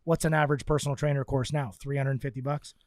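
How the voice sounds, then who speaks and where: A man telling training stories in a casual podcast chat, animated and acting out quotes. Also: medium pitch, fast talker, no room sound, studio quality. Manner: animated storyteller, acts out quotes.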